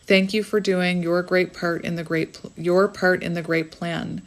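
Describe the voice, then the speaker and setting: A woman on the lower side of pitch for her sex, talking through a tarot reading in a loose, chatty way. She rambles, loses her thread and laughs at herself as she goes. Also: little pitch movement, a little slow. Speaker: tarot reader. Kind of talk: casual spiritual reading.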